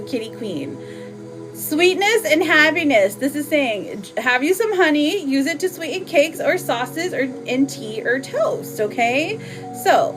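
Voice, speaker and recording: Woman host of a live card reading, bright high voice, relaxed pace, chatty and teasing, music clearly audible underneath. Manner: chatty and playful, laughing often. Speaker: live tarot reader.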